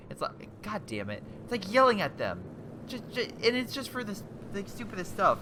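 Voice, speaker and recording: Young male commentator, excitable and chatty over game replays, bright ringing tone, faint hiss behind. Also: high voice, moderate pace. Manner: excitable, exclaiming, rambling with restarts.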